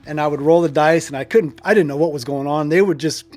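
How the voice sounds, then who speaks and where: A man's voice: fairly high pitch, quick pace, darkish tone. A man in his sixties casually telling a long personal story, wandering off on side trails and chuckling at himself. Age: 60s. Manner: digressive, loses track and chuckles. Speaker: storyteller host.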